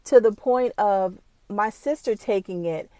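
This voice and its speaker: In a dry recording, a woman with a mid-range, dark-toned voice speaks at a measured pace. Running her own small business, she delivers a casual, motivational straight-to-camera talk, blunt and profane, emotional and struggling against tears at times.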